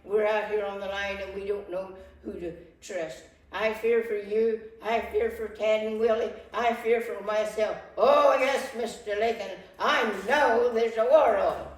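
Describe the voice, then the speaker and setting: A woman in her nineties playing a fretful Civil War-era first lady in a first-person monologue, halting and often restarting her words. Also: lowish voice, steady tone, a little mellow. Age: 90s. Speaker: historical portrayer. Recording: echoey room from far off, faint noise.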